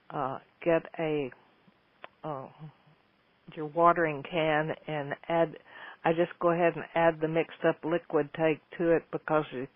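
A man's voice: a little high, no echo. A man hosting a show, giving casual gardening advice to listener questions in a folksy, rambling way, often restarting his sentences. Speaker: host answering listener questions. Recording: tinny phone-like line, dry.

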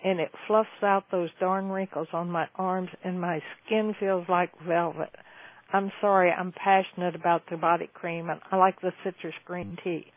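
A woman's voice: lowish voice, fairly even intonation, moderate pace. A woman in her seventies hosts a call-in Q&A, talking in a chatty, folksy, enthusiastic way. Her voice comes through a tinny, phone-like line. The sound is dry, with no room echo. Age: 70s. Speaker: host answering listener questions. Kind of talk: call-in Q&A chat.

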